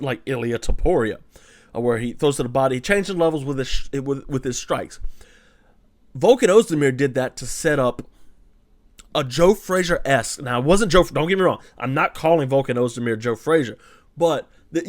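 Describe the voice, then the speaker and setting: A man's voice: medium pitch, dry recording, clean studio sound. A Cajun man from Louisiana recapping fights casually as host, rambling with frequent restarts and fillers. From Louisiana, USA. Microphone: desk camera mic.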